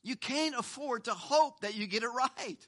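A man's voice: very high voice, normal speed, a bit bright. A male pastor preaching a sermon, emphatic and full of rhetorical questions, often repeating a word for stress.

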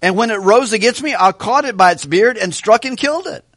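A man preaching a Bible study sermon with animated, questioning delivery in a church hall. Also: sits high, brisk, studio quality. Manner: animated, asks questions of the congregation. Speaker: pastor.

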